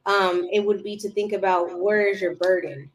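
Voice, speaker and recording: Woman podcast guest, casual chat, lively storyteller who plays out old conversations. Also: medium pitch, normal speed, slight background noise. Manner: animated storyteller, acts out her own past dialogue.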